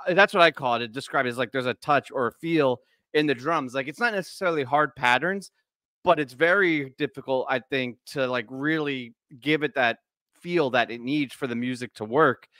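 Bright, animated podcast host man. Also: mid-range voice, normal speed, no echo. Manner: animated, laughing, heavy on fillers. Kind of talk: casual chat.

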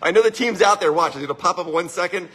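Upbeat high-voiced man hosting a livestream. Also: fast, slightly rough. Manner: energetic, laughs often, greets viewers by name. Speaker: winery livestream host. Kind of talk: upbeat motivational livestream talk.

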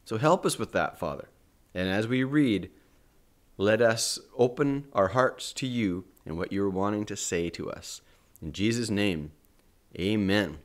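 A man giving a devotional talk and Bible reading, earnest and hoarse with his morning voice. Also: lowish voice. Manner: slow, earnest preaching with a prayer. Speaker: family ministry host.

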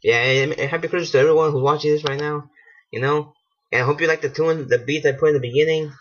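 A man giving casual let's-play commentary, excitable and swearing, laughing at himself. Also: a little high, fast talker, slight background noise. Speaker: gaming channel host. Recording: dull lo-fi home mic.

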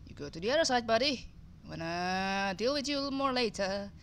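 A woman's voice: a little high, expressive, moderate pace, slight background noise, rough recording. A woman giving thinking-aloud commentary on her game run, nervous and hesitant, muttering her plans to herself. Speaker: gameplay commentator.

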